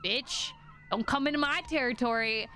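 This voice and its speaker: A woman's voice: moderate pace, slight background noise. A woman voicing a swaggering, profane seagull parent acting like a mafia boss, cursing and threatening intruders. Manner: high, shouting, cursing.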